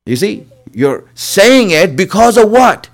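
A man's voice: sits high, sing-song, takes it slowly. A man giving an earnest religious sermon, repeating phrases for emphasis and calling his listeners his friends. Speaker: preacher.

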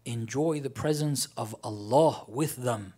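A man delivering a Ramadan-style sermon that swings from hushed, inward reflection to loud, pressing emphasis. He keeps asking his listeners questions and answering them himself. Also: mid-range voice, measured pace, husky. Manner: rhetorical questions. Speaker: religious speaker.

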